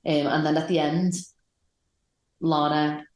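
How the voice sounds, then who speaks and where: A woman's voice: low voice, level tone, slow, a little mellow. A woman co-hosting a podcast, recapping matches in a rambling, enthusiastic chat. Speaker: podcast co-host. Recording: roomy echoey sound.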